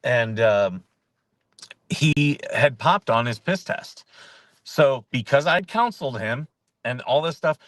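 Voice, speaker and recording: A middle-aged man hosts a relaxed talk show and tells stories in a loose, conversational way, often restarting his sentences. His voice sits at an ordinary middle pitch. The sound is dry and close, with no room echo. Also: slow pace. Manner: conversational storytelling with frequent restarts and fillers. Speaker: host. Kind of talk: casual talk show monologue.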